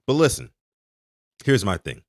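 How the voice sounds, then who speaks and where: Lively low-voiced podcast host. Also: male voice, measured pace, no echo, clean studio sound. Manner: animated, talks to his chat, stresses key words. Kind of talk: sports podcast commentary.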